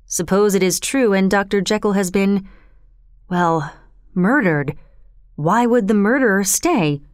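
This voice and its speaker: Woman reading as a measured, concerned male lawyer. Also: medium pitch, no room sound, clean studio sound, lightly acted. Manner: measured, reasoning.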